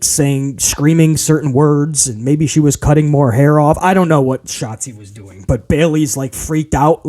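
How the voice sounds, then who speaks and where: A man's voice: high voice, darkish tone. A man hosting a casual wrestling review podcast, ranting in an exasperated way with stammered restarts. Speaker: podcast host.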